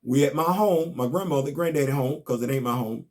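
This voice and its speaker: A man's voice: mid-range voice, fairly quick. A man, casually recapping a comic book and telling stories on his podcast. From Southern US. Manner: animated, storytelling, rising to emphatic outbursts.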